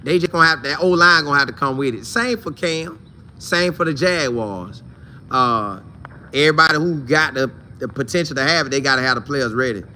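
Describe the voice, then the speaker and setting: A man hosting a casual football talk show, animated and slangy, talking straight to his viewers. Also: medium pitch, a little fast, a little hiss or hum. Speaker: sports show host.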